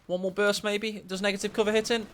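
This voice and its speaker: Excitable esports caster, higher voice. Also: male voice, fast talker, slight background noise. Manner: excitable, gasps at big plays. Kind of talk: live game commentary.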